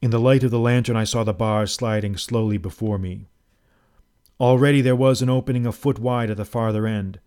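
With a clean tone and a typical middle male pitch, an audiobook narrator reads a first-person story steadily, in a measured and dramatic way.

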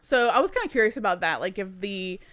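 Woman, podcast co-host, chatty, quick to laugh, smooth voice, dry close sound. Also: mid-range voice, lively intonation, fairly bright tone, no room sound. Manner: chatty, laughs often, says "like" a lot. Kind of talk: casual chat.

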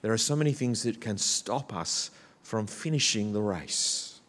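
A man preaching a sermon in a church, building from quiet, reflective passages to loud, rousing calls. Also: fairly low pitch, expressive, unhurried. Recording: church hall with long reverb.

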